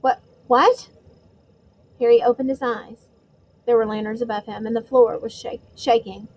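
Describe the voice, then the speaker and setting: A woman narrating a storybook chapter in a measured, suspenseful way. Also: on the high side, steady tone, dark tone, poor audio. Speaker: audiobook reader.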